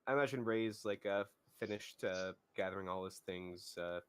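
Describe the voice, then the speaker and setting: A man with a lowish voice describes his character's actions in a casual, loose way, pausing with fillers. The sound is dry and close. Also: smooth, no room sound. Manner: casual, relaxed, some fillers. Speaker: player. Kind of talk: playing a tabletop game over voice chat.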